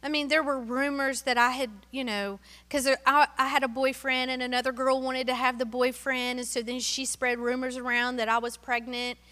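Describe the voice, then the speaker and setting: A middle-aged woman from Tennessee giving an animated, emotional sermon-style testimony that drops to hushed asides. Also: sits high, normal speed, few pauses, in a large hall.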